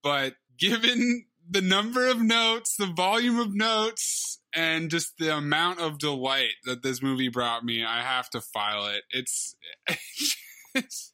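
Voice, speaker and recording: A man co-hosting a movie podcast in animated, laughing casual chat. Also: slow pace, no echo. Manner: animated, laughing, listing highlights. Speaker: podcast co-host.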